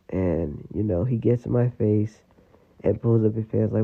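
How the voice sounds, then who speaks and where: Man, casual storyteller, gravelly and husky, tinny phone-line sound. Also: on the low side, measured pace. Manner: rambling, full of "you know" and "like".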